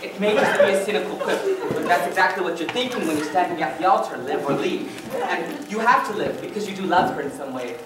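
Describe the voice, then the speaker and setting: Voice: medium pitch, expressive, quick pace, a crowd in the background, natural voice. A student actor playing a wistful middle-aged male theater fan who talks to the audience in a confiding, rambling way. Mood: rueful. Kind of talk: stage musical acting. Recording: echoey auditorium, distant mic, noisy.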